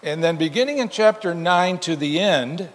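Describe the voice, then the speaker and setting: A man preaching a sermon, explaining scripture with emphatic, animated reading. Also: high-pitched, normal speed. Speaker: pastor. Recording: long hall reverb.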